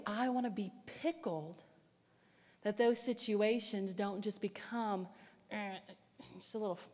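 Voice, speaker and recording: A woman preaching a sermon, telling a personal story in an animated, emphatic way. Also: medium pitch. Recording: echoey hall reverb.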